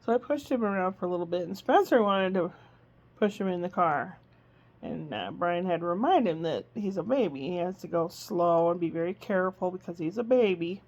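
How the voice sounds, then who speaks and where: A woman's voice: lowish voice, lively intonation, fairly quick, darkish tone, highs cut off. A woman vlogging in casual chat, rambling through a homey story with plenty of fillers, from her living room.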